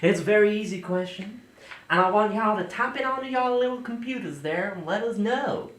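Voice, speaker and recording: A man's voice: sits high, expressive, a little fast, fairly bright tone, voice pushed up. A man voicing a hammy male televangelist preacher, rousing his congregation with call-and-response questions. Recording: echoey room, mic at a distance.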